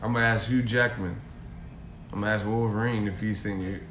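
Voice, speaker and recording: A man's voice: fairly low pitch, steady tone, normal speed, fairly bright tone, a little hiss or hum. A man ranting on a stream in a profane, mocking way from a hotel room. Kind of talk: casual rant. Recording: echoey room.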